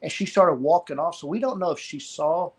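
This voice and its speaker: A middle-aged man with a somewhat high voice tells a personal story of loss. He speaks haltingly, pausing often and starting phrases over. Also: breathy edge. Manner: halting, pauses and repeats words. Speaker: guest sharing a story of loss.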